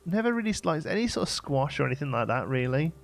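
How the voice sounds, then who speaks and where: A man's voice: fairly high pitch, big pitch swings, fast, vocal fry. A man from England, rambling casually as he hosts a game livestream and answers his chat. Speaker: livestream host.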